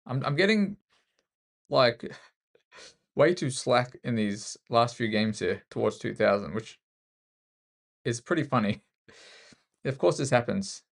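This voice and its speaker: A man with an Australian accent streams chess, offering casual, self-mocking live commentary. His mid-range voice is creaky and slow, with long pauses, and he trades joking banter with his opponent.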